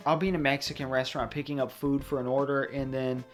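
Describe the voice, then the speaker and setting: A man's voice: medium pitch, flat delivery, fast, faint music behind. A young man giving casual, rambling commentary over a video game he is playing, drifting into chatty asides. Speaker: let's play commentator.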